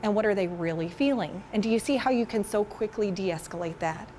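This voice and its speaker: A woman giving a chatty, animated talk to a room of parents, often tossing questions to the audience. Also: mid-range voice, fairly quick, slight background noise. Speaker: school parent education presenter. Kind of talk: casual presentation to parents.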